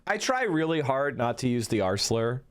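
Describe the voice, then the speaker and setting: A political streamer in his forties delivers heated, profane live-stream commentary in a clean, mid-range, sing-song voice at normal speed. As he rants and gets worked up, his voice climbs.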